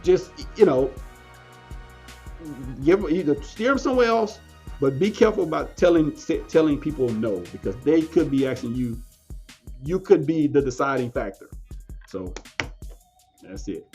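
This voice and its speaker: A man's voice: fairly high pitch, lively intonation, moderate pace, pauses often, darkish tone, soft background music. A man, a podcast guest telling a story in casual talk, often restarting and repeating phrases.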